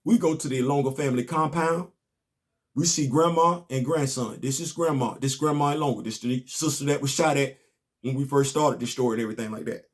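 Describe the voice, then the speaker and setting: A man's voice: medium pitch, brisk. A man, casually recapping a comic book and telling stories on his podcast. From Southern US. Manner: animated, storytelling, rising to emphatic outbursts.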